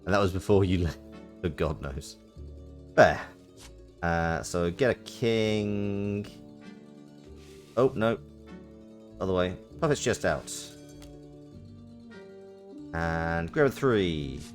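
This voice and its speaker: Low slow guy streaming a game, mumbling through steps, soft music in the background. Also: lively intonation. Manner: muttering to himself while working through steps. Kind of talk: casual let's-play commentary.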